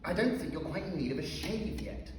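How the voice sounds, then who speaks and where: A man voicing a sharp, teasing young girl with an English accent and a dry, quick-witted manner. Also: sits high, lively intonation, distant mic, slight background noise. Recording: echoey hall, voice heard from afar.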